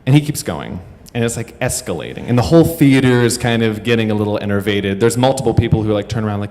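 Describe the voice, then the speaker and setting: Thirties male storyteller; low-ish, rambling and self-deprecating, reverberant live venue. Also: fast talker, darkish tone. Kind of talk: live comedic storytelling to an audience. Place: stage in front of a live audience. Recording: echoey hall.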